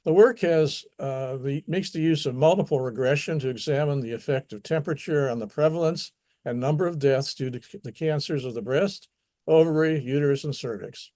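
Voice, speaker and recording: American guy hosting, kinda high voice, lots of uh and um, dry close sound. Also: fairly quick, mellow, dry recording. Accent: American English. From United States. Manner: hesitant, lots of uh and um fillers. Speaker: host. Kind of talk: casual chat.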